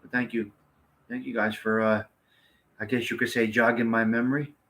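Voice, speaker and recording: A man's voice: mid-range voice, little pitch movement, moderate pace, a bit bright. A man hosting a casual livestream, chatting to viewers in a blunt, rambling way and swearing freely. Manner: blunt, rambling, salty-mouthed. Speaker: livestream host.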